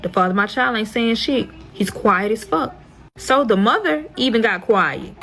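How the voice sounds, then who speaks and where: A woman's voice: fairly high pitch, animated, moderate pace, gravelly, a bit bright, faint music behind, rough recording. Brash, profane young woman telling a storytime. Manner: profane, exasperated, dramatic retelling. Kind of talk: storytime vlog.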